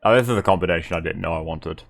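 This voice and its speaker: A young male streamer with a low voice, joking and swearing his way through casual game commentary. Faint game music sits beneath his talk. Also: very fast, creaky.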